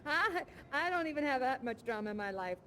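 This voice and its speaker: A woman's voice: high voice, very animated, normal speed, bright, forceful tone, slight background noise, full character voice. A woman playing a bubbly, giggly young woman who longs to bartend, chatting and rambling on through a headset mic in a live virtual reality show. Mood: chatty. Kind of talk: improvised live character chat.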